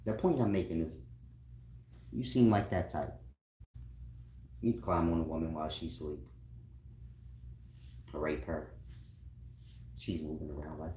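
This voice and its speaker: A man's voice: low-pitched, measured pace, pauses often, warm tone. A man talking in a loose, rambling, profane monologue, laughing often. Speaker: online commentator. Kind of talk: casual monologue. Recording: roomy echo.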